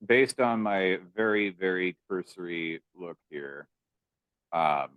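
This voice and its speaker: A man co-hosting a podcast, making wry, deadpan comments in a casual movie chat. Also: low-pitched, takes it slowly, no room sound. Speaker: podcast co-host.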